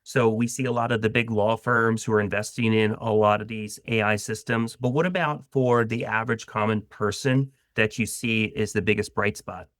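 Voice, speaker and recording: Lower-voiced man hosting an interview. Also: steady tone, moderate pace, hardly any pauses, fairly bright tone, no room sound, clean studio sound. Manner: enthusiastic, poses ideas and questions. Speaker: podcast host. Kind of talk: conversational interview.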